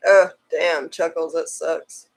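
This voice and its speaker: A woman's voice: low voice, steady tone, slow. A woman co-hosting a casual livestream, laughing often and teasing while reading viewer comments. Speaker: livestream co-host.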